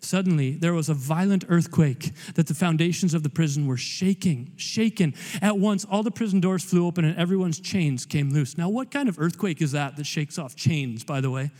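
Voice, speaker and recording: A man's voice: on the high side, moderate pace, hardly any pauses, a little mellow. A man preaching a sermon in an emphatic, rambling way, with joking asides and repeated words. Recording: long hall reverb.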